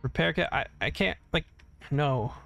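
A man's voice: a little high, lively intonation, a little slow, vocal fry, fairly bright tone, faint music behind. A man casually commentating his own gameplay, rambling, swearing freely and humming to himself as he plays, on a desk mic. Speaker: gaming channel host. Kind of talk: casual let's-play commentary. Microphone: desk mic separate from headset.

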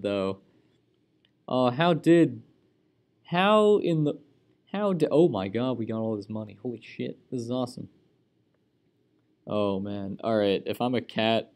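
A man's voice: on the low side, measured pace, creaky, pauses often, a little mellow. A man giving casual let's-play commentary as he plays, chatty and full of sudden exclamations. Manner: exclaims often, chatty running reactions. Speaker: gaming channel host.

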